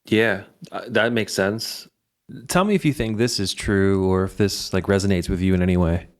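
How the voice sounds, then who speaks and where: Deep-voiced man hosting an interview. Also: moderate pace. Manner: reflective, thinks aloud with small restarts. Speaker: podcast host. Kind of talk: conversational interview.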